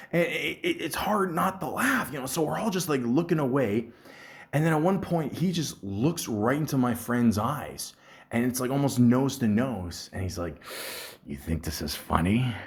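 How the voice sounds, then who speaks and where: A man hosting a podcast, telling a story in a rambling, profane way, full of fillers. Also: mid-range voice. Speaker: podcast host.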